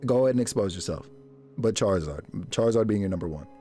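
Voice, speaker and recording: Man, live streamer, casual chat, lively swooping pitch, jokey, faint music behind. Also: quick pace. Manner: animated, jokey, reacting to chat with big pitch jumps and laughs.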